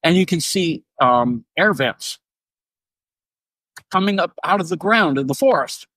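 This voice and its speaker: A man's voice: a little high, unhurried, no echo. A middle-aged man, a retired Navy submariner, telling stories as a podcast guest, acting out dialogue and chuckling often. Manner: animated, acts out dialogue in raised voices, chuckles often. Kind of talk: casual storytelling interview.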